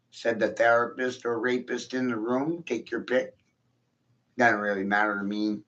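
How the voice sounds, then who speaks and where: A man's voice: fairly low pitch, fairly bright tone. A man in his forties delivering a crude, profane, rambling monologue in a mocking tone. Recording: echoey room, dull lo-fi sound.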